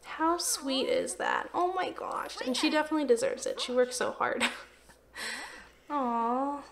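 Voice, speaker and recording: A young woman giving casual commentary while playing a life-simulation game, chatty and quick to exclaim when things go wrong. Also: high-pitched, very animated. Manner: chatty, sympathetic, exclaims often, easily exasperated. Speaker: let's play gamer.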